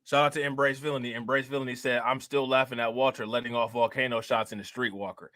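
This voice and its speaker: A man hosting a casual reaction livestream, talking in loose slang, repeating himself and reading out chat shout-outs. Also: medium pitch, steady tone, quick pace, no room sound. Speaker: reaction streamer host.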